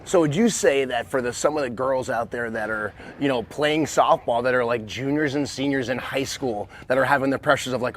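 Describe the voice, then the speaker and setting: Gravelly-voiced man coaching softball. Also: medium pitch, fairly quick, a little hiss or hum. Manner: encouraging, rambling questions with many restarts. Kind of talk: coaching lesson and interview.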